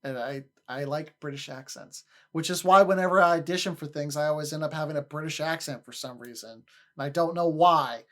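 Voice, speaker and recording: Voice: mid-range voice, brisk, fairly bright tone. A livestreamer in casual chat with viewers, rambling, often repeating and restarting words, and laughing easily.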